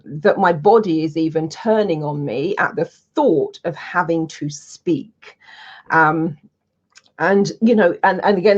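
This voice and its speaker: A woman, a public speaking coach, telling anecdotes in a casual, animated way and acting out her own lines. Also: medium pitch. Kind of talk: casual storytelling to camera. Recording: dull lo-fi sound.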